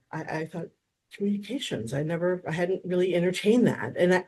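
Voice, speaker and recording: A woman in her fifties from Wisconsin, a therapist guest telling lively stories and acting out quotes in a casual interview. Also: lowish voice. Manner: animated storyteller, acts out quotes.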